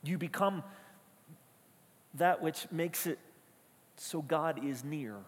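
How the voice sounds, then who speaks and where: A man's voice: fairly high pitch, slow pace, slightly rough, long reverb tail. A man preaching a sermon as a pastor, conversational and emphatic, telling stories and repeating key phrases. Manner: conversational, storytelling, emphatic repetitions.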